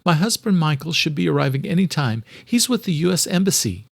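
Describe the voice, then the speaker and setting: A man's voice: a little high, very animated, fairly quick, vocal fry, slightly rough, pitched above the performer's own voice, exaggerated voice. A man voicing a poised female professor and doctor in a storybook audio drama, speaking in polite, formal tones. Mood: courteous.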